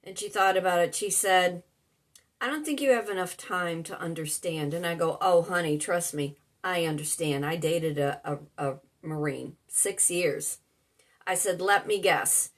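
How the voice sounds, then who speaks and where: Middle-aged woman, slightly low voice, chatty vlog storyteller who acts out dialogue. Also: a little slow. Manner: chatty, retells dialogue with "I said" and "she said". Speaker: vlogger and life coach. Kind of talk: casual storytelling.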